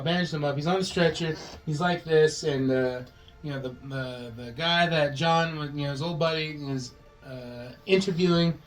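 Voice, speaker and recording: A man with a fairly high voice rambles through a movie pitch on a podcast. He swears freely and keeps jumping into the characters' lines with quick put-on voices. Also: low-quality recording. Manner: rambling, swearing, acts out quotes in changing voices. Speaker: podcast co-host. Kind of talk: casual chat pitching a movie plot.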